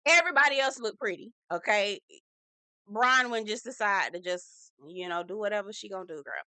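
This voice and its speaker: Sassy woman with a bright, dry voice. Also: mid-range voice, moderate pace, no room sound. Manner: sassy, animated, says "girl" often. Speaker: reality TV recap host. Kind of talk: casual recap commentary.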